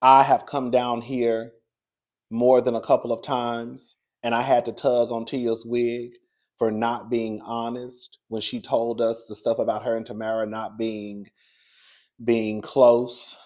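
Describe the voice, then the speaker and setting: A man giving casual celebrity gossip commentary, chatty and sassy, calling his viewers "girl" and swinging from low murmurs to high excited bursts.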